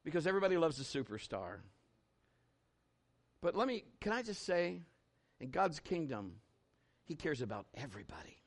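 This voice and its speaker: High-voiced folksy male preacher. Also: sing-song, moderate pace, pauses often. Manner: folksy, conversational preaching with acted-out stories; emphatic, with scripture quotes. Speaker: pastor. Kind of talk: sermon.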